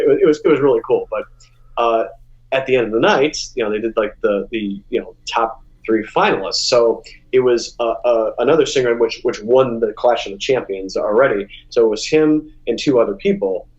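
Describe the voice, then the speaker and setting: A man's voice: brisk, highs cut off. Chatty male singer telling stories. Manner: animated, acts out quotes in a high voice, many restarts. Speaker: musician guest. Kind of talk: casual interview storytelling.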